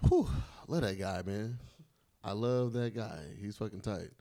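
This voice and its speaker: A man's voice: fairly low pitch, a little slow, mellow. Upbeat man host, loose banter. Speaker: podcast host. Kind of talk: casual podcast chat.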